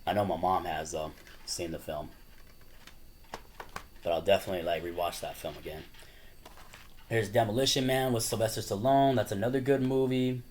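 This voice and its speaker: A man talks in a relaxed, meandering way, filling his sentences with "you know" and "like". His voice sits on the lower side. He laughs often as he goes, and a faint background hiss stays under the talk. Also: moderate pace, pauses often. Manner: rambling, full of "you know" and "like"; laughs often while talking. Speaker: YouTuber. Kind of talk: casual chat.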